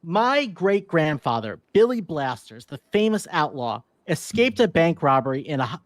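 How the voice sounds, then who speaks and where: A man's voice: on the high side, big pitch swings, moderate pace. A man running for mayor who tells a rambling, playful story in his closing statement. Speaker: mayoral candidate.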